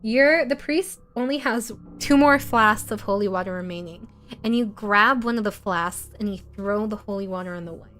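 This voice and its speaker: A woman's voice: medium pitch, moderate pace, fairly bright tone. A woman streamer narrating an interactive horror story for her viewers as game master, in a playful, teasing way as she reads out chat comments.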